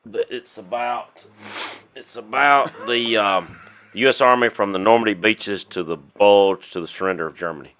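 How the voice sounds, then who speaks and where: A man co-hosting a podcast, chatting casually with lively rambling asides. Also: lowish voice, normal speed. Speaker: podcast co-host. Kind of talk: casual chat.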